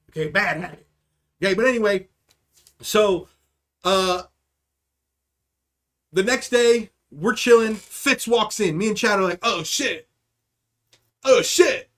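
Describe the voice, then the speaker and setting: High-voiced young man rambling a story. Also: fairly bright tone. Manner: rambling, profane, keeps asking "okay?". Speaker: livestream host. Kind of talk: casual storytelling chat.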